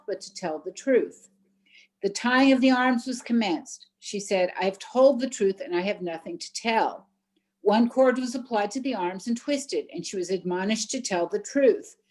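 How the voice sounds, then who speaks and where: Woman, slightly high voice, steady reader in a class. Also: rough recording. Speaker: class participant reading aloud. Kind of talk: reading a text aloud.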